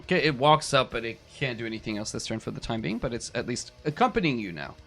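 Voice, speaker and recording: A man's voice: medium pitch, animated, fast, creaky, fairly bright tone, faint music behind. Joking male game master. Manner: casual, hesitant, joking. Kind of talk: running a tabletop game.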